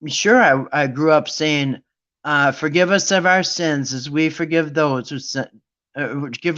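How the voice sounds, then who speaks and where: Sarcastic ranting man, slightly high voice. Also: a bit bright, highs cut off. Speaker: bible study host. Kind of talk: casual opinionated monologue.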